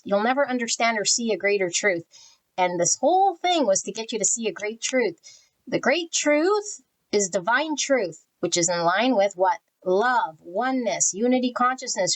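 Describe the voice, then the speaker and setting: A woman's voice: a little high, rough recording. A woman giving a general pick-a-card tarot reading, talking bluntly in spiritual terms and naming cards as she draws them. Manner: blunt, spiritual, channels energy. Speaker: tarot reader.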